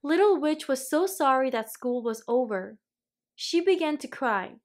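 A woman reading a children's story aloud, slowly, clearly and expressively. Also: high-pitched, animated. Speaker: storybook reader.

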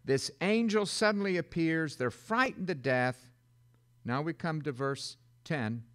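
An older man preaching a sermon in an animated way, slipping into loud mock-panicked voices. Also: a little high, unhurried. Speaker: pastor.

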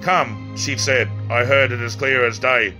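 Man, author reading his own story, bright tense tone, faint background music, slips and restarts. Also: medium pitch, steady tone, moderate pace. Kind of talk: first-person story reading.

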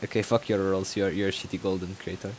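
Joking, crude Croatian-born stream host. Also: male voice, low-pitched, flat delivery, quick pace, slight background noise, rough recording. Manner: crude, joking, laughs often. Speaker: livestream host. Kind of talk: casual livestream banter.

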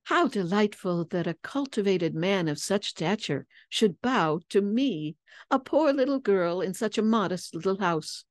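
A woman's voice: mid-range voice, expressive, measured pace, dry recording, close to an everyday voice. A woman voicing a clever young girl detective who explains her deductions precisely and wryly. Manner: crisp, precise, lecturing.

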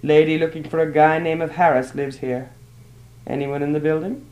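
A man's voice: a little high, steady tone, normal speed, a little mellow, natural voice, rough recording. A man doing a curt, mocking superintendent. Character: gruff, mocking male building superintendent.

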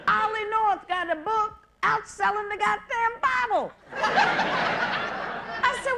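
A woman's voice: very high-pitched, slow pace, vocal fry, long pauses. Woman doing profane stand-up, crowd laughing. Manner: profane, conversational, mocking impressions. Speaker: stand-up comedian. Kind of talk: live stand-up comedy. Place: theater stage with laughing audience. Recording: noisy VHS live recording with loud crowd.

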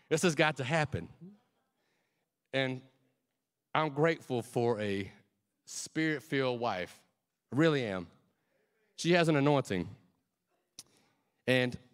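Sex: male. Role: preacher. Style: sermon. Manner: fervent and conversational, becoming emotional. Pitch: average for a man.

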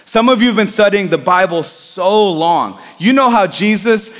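A man's voice: high-pitched, expressive, normal speed, a bit bright, long reverb tail. A man preaching a sermon in an earnest, conversational way, asking his listeners repeated questions. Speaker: pastor.

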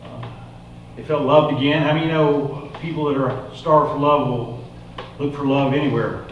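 A man telling a folksy parable as part of a sermon, in an animated, casual way. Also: on the high side, moderate pace, dull audio, slight background noise. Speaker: preacher. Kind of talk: sermon storytelling. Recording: echoey room, mic far off.

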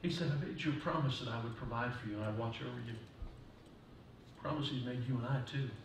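A male pastor giving a sermon in a church, moving from quiet talk to loud preaching. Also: mid-range voice, fast talker, a little hiss or hum. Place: church sanctuary. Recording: distant mic in echoey church hall.

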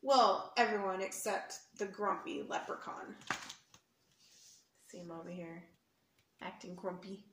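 A woman's voice: medium pitch, unhurried, long pauses. A woman reading a picture book aloud to children, explaining words and pointing at the pictures, in an echoey room with faint hiss. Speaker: storyteller for children.

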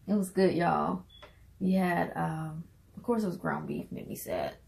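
A woman's voice: on the low side, big pitch swings, measured pace, gravelly, darkish tone, low-quality recording. A woman with a Southern US accent, chatting in a bubbly, laughing way on a casual vlog. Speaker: vlogger and minister.

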